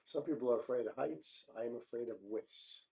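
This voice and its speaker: A man hosting a joke show, reading listener jokes aloud with small stumbles and quick voice changes for the characters. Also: medium pitch, vocal fry, mellow. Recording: dull lo-fi sound.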